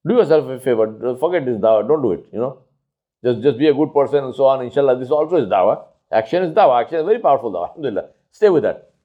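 A man giving a religious talk on outreach. He is emphatic and repeats his points, swinging between loud high stresses and low quiet asides, and slows down to press key phrases. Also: lively intonation, narrow, tinny audio. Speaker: Islamic lecturer.

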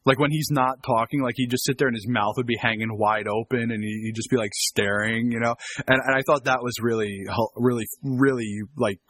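A man cohosts a casual film podcast, animated and quick to joke. His voice is husky and a little raspy, recorded dry and close with no room sound, at a middle pitch. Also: no room sound. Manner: animated, joking, laughs often. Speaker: podcast co-host. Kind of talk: casual chat reviewing films.

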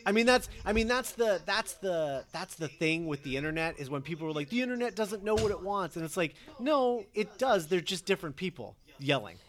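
A man's voice: high-pitched, sing-song, a little fast, hardly any pauses, fairly bright tone. A man in casual conversation who explains his points at length in a lecturing way. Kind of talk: casual chat.

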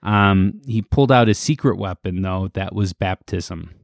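A man's voice: deep voice, normal speed, creaky, no room sound, clean studio sound. A man co-hosting a podcast, casually recounting a story with fillers and laughs. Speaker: podcast co-host.

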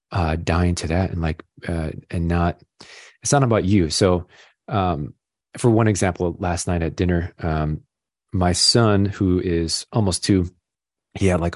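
A man's voice: low-pitched, darkish tone, no echo, clean studio sound. A young father as a podcast guest, telling stories in a rambling, self-deprecating way with lots of fillers. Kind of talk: casual chat.

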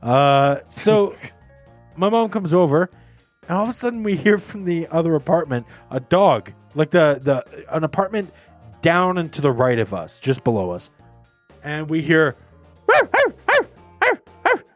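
A man hosting a podcast, telling stories in casual chat with an animated, swearing manner. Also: a little high, moderate pace, faint music behind. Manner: animated, swearing, laughing, acting out quotes. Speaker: podcast host.

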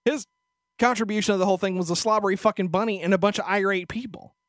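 A man's voice: sits high, steady tone, fast, dry recording. A male podcast host telling a story in a crude, profane, sarcastic rant into a studio microphone. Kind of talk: casual ranting storytelling.

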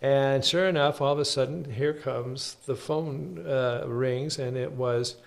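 A bishop recounting stories in an interview. His voice sits at a middle pitch for a man, and he tells things anecdotally, often restarting his sentences. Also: fairly even intonation, measured pace, vocal fry. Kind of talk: storytelling interview answer.

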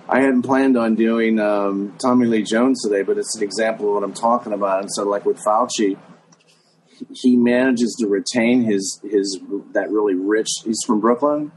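A middle-aged man talks in a low voice as a guest, musing out loud and pausing on fillers. His delivery is relaxed and thoughtful. A faint hiss sits under the recording. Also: rough recording. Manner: hesitant, musing, with many fillers. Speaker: guest impressionist. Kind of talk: casual chat.

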